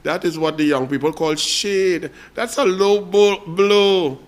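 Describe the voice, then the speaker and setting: A man's voice: high voice, slow. A man with a Trinidadian accent hosting a political talk show, delivering a fiery, mocking commentary monologue straight to his listeners.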